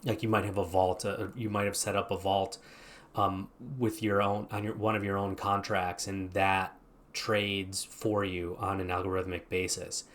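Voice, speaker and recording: A man with a lowish voice talks through a screen-share explainer as the channel's host. He thinks aloud and wanders a little as he goes, keeping it relaxed and conversational. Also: normal speed, slight background noise. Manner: thinking aloud, loose and meandering.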